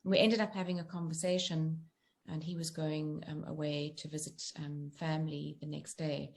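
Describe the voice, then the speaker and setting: Middle-aged woman with a gravelly low-ish voice, earnest and gentle, talking it through in an interview. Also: flat delivery, normal speed. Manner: gentle, earnest, explains with examples. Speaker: guest author and coach. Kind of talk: reflective interview talk.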